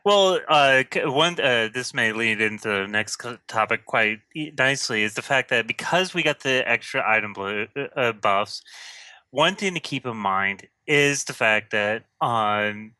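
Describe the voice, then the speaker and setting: Male co-host, very bright sharp tone, dry mic, halting speech. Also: medium pitch, expressive, no room sound. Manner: halting, many fillers and cut-off words. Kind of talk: casual gaming chat.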